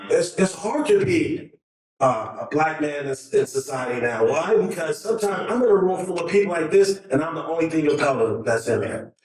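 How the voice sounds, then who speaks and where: A man's voice: on the high side, animated, normal speed, crowd noise. A middle-aged man giving an emotional, earnest talk to a conference audience, nervous and often restarting his sentences. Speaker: conference speaker. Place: large conference hall. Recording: echoey hall from far off.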